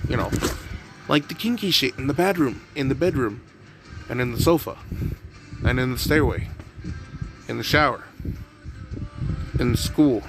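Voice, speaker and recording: A man improvising a fan story narration, rambling with many fillers. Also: mid-range voice.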